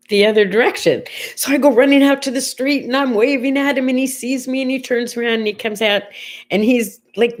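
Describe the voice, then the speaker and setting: An older woman hosting a casual morning chat show, telling stories in a chatty way and quoting people as she goes. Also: fairly high pitch. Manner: chatty storytelling, quotes others in conversation. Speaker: host.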